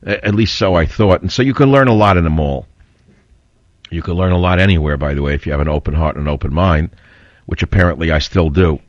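Blunt older radio host, low voice. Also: male voice, fast talker, dry recording. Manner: blunt, combative, rambling storyteller. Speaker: radio talk show host. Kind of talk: opinionated talk radio monologue. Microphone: studio mic. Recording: dull, slightly lo-fi radio audio.

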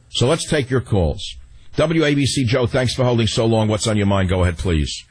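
A man hosting a political talk radio show, ranting fast and emotionally and running over his words. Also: medium pitch, darkish tone, husky, poor audio.

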